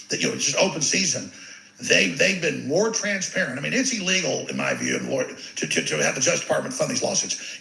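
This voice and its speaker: A man's voice: fairly high pitch, creaky, sharp tone. A man giving an impassioned monologue as an interview guest, intense and ranting, often stumbling on repeated words as he pushes ahead. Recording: roomy echo.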